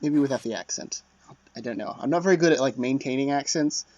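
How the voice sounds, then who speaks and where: This man's mid-range, slightly mellow voice moves at a quick pace as he casually commentates his strategy gameplay for a let's play. He's chatty and self-deprecating, often muttering under his breath, on a dull lo-fi dry mic with no echo.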